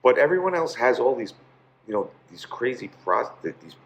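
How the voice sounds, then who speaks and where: A man's voice: medium pitch, big pitch swings, moderate pace. A man, a pizzeria owner, telling stories in a casual interview, rambling with many fillers.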